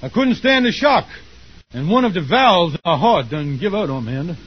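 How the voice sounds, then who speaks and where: A man's voice: sits high, big pitch swings, moderate pace. A man playing a scheming male con man who fakes illness, groaning melodramatically in 1940s radio acting. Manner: melodramatic groaning, fake sick. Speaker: lead comic character. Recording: muffled old radio recording, faint hiss.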